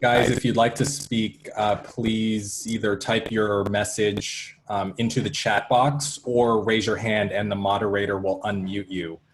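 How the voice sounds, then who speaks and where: Man, low and monotone, moderating a webinar over a video call. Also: measured pace, few pauses, a little hiss or hum, rough recording. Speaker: host of an online discussion.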